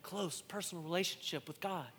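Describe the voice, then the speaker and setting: A man preaching a sermon, swinging between loud declarations and hushed, intimate lines, often repeating and restarting words. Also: high-pitched, a little fast, husky. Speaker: pastor. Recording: long hall reverb.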